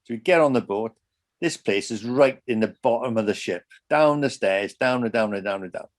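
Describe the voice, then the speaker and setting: A man's voice: medium pitch, normal speed. An older man in a casual chat, recounting a story in a conversational way. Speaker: guest.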